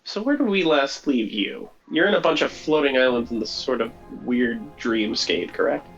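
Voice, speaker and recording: A lively game master narrating a tabletop game. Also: medium pitch, moderate pace, muffled recording, faint music behind. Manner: lively, chatty narration with fillers.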